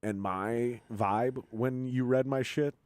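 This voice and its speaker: A man's voice: mid-range voice, steady tone, slow, darkish tone, clean tone, no echo. A man hosting a casual podcast, blunt, profane and sarcastic as he tells stories. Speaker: podcast host.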